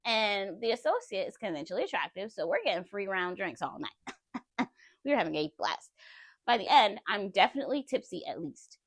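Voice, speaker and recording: A woman vlogger tells her own story with lots of emphasis and frequent laughter. Her pitch swings widely as she talks, and the sound is dry and close with no room echo. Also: a little fast. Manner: animated, emphatic, laughs often. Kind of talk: personal storytelling.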